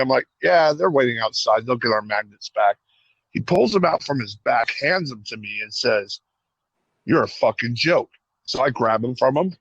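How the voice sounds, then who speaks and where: Gravelly-voiced man telling a rowdy story. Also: mid-range voice, no echo, dull audio. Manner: profane, animated retelling with acted-out quotes. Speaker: podcast co-host. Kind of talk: casual storytelling.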